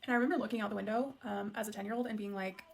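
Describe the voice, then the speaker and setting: A woman in her late twenties shares a story from her childhood, speaking candidly and casually with plenty of "um" and "like." Her mid-range voice has a fairly even intonation, a creaky texture, and a rapid-fire pace.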